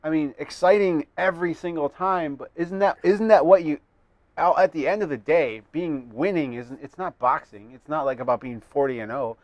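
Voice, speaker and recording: A man's voice: a little high, normal speed, a little mellow, no echo. A man co-hosting a casual podcast, rambling and hesitant, with jokey asides. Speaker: podcast co-host.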